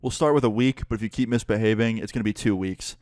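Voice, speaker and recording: A man voicing an angry male college professor who yells and scolds harshly. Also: lowish voice, fast talker, no room sound, studio quality, lightly acted. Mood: stern scolding.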